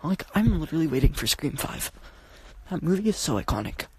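A young woman streams live from her phone as she creeps around her house and yard after dark. She talks casually and jumpily, full of "like" and quick swears, and often sinks to a hushed whisper. Faint background noise and clicks sit under her voice. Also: low-pitched, big pitch swings. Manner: jumpy, swearing, lots of "like" and "oh my god". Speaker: livestreamer.

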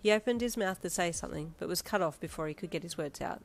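A woman narrating a second-person fanfiction story with dramatic, expressive delivery. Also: deep voice, quick pace, hardly any pauses.

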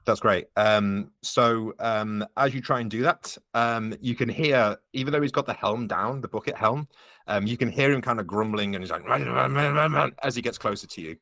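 A man's voice: on the low side, moderate pace, a bit bright, no room sound. A man running a tabletop game as game master, explaining the rules patiently with frequent ums.

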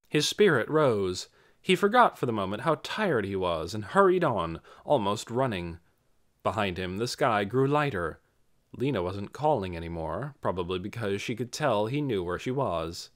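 A man reading an audiobook chapter aloud as its narrator. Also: lowish voice. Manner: expressive storytelling. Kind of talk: scripted narration.

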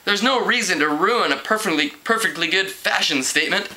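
A man's voice: high voice, a little fast, bright, forceful tone, voice pushed up, poor audio. A man reading aloud and voicing a sassy, fashion-minded teenage girl. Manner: sassy, soothing.

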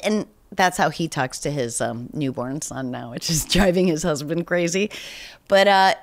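A woman's voice: low-pitched, brisk. A woman hosting a podcast in casual chat, slightly nasal as if she has a cold, rambling and self-deprecating. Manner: rambling and self-deprecating, with frequent restarts and laughs. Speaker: podcast host. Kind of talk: casual chat answering voicemails.

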